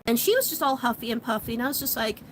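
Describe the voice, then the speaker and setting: A woman vlogger chatting casually and animatedly, retelling a story with lots of fillers and quick laughs. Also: a little high, animated, fairly bright tone, slight background noise, rough recording.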